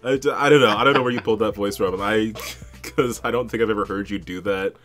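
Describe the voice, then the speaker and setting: A man co-hosting a podcast, recapping a tabletop game in casual chat, amused and halting, often repeating words. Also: on the low side, fairly bright tone, soft background music. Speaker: podcast co-host.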